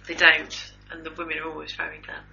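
A woman's voice: deep voice, completely flat delivery, fast, gravelly, sharp tone. A woman co-hosting a casual chat show, reading out odd news items with cheeky jokes. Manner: cheeky, joking. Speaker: co-host. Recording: dull lo-fi recording with faint noise.

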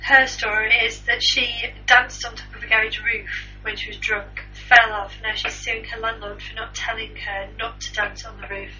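A woman co-hosting a podcast, trading crude deadpan jokes in casual chat. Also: fairly high pitch, normal speed, few pauses, distant mic, slight background noise. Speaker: podcast co-host. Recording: dull lo-fi recording, voice set back from the mic.

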